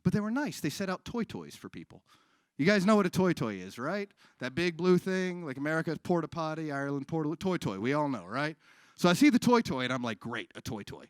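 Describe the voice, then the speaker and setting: A man doing stand-up on a live stage, with deadpan delivery and frequent crowd work. His pitch moves a lot, rising and dropping within each bit. The sound is dry and close. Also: fairly quick, clear, resonant tone, dry recording. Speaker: stand-up comedian. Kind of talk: stand-up comedy set.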